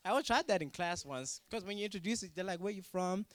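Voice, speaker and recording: A man from Africa performs a stand-up set with a high, light voice. His delivery is playful and teasing, swinging into mock outrage at the crowd and judges. The sound is close and dry. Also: lively intonation, fast, a bit bright, no room sound. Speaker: stand-up comedian. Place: student talent show stage.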